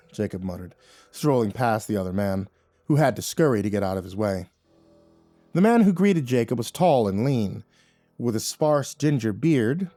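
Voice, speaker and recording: Male horror-story narrator, measured, dry close read over faint music. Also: mid-range voice, warm tone, no echo.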